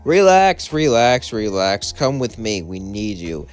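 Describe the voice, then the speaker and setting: A man's voice: lowish voice, big pitch swings, measured pace. A man doing a smug demon businessman.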